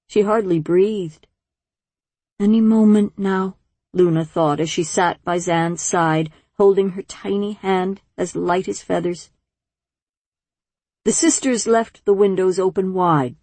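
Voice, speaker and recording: Slow, low-voiced woman narrating. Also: no room sound. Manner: measured, gentle storytelling. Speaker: audiobook narrator. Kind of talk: scripted narration.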